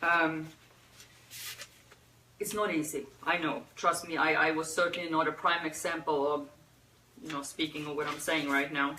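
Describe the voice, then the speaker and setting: A woman hosting a pet memorial livestream, talking unscripted in a teary, soft-hearted way with sighs and pauses. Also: deep voice, fairly even intonation, a little hiss or hum. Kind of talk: unscripted emotional talk. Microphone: phone or webcam. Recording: roomy echo, a bit far from the mic.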